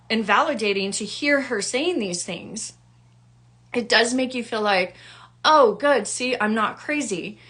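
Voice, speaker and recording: A woman telling her own story the way a wellness coach would. She is casual and animated, and her voice jumps sharply whenever she acts out what someone said. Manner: animated, acts out quoted people with big pitch jumps. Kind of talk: personal storytelling to camera.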